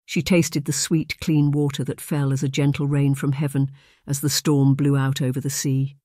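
Even, steady audiobook narrator for a romance; mid pitch, dead dry sound. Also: moderate pace, dry recording. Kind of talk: scripted narration.

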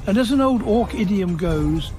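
A man's voice: high voice, lively intonation, normal speed. A man narrating mock-solemn fantasy lore in a played clip. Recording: narration over loud music.

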